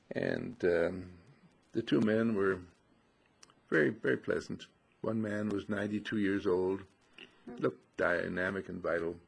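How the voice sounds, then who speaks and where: A man hosting a short radio talk, telling a folksy anecdote and quoting the people in it. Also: deep voice. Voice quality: gravelly and husky. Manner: folksy anecdotal storytelling with quoted dialogue. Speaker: radio host and healing teacher.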